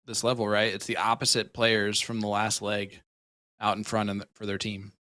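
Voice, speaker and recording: A man calling darts play-by-play with excited calls and playful banter. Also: lowish voice, normal speed, dry recording. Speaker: dart commentator. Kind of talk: live sports commentary, casual banter.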